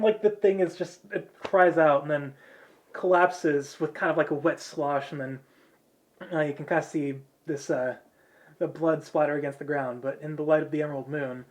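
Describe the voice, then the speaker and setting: A man narrating as game master, in a relaxed, rambling way with many fillers. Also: on the high side.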